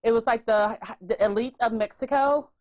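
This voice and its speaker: Brief: woman podcast host, fairly high voice, loose and animated, casual profanity. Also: normal speed. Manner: chatty and animated, swears freely. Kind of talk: casual chat.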